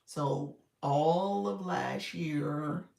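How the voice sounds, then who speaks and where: A woman coaching beginners over a live stream, chatty and quick to laugh, her sentences full of restarts. Her voice has a gravelly edge, and the sound comes from an echoey room. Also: sits low, darkish tone. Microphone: live-stream setup.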